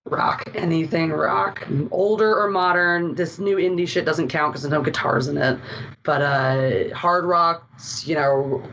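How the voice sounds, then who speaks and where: A woman's voice: low voice, fairly even intonation, measured pace, a bit bright, low-quality recording. Philly woman guest on a podcast, chatty and jokey, light faint hiss in the background. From Philadelphia. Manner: chatty, self-deprecating, jokey. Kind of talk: casual podcast chat.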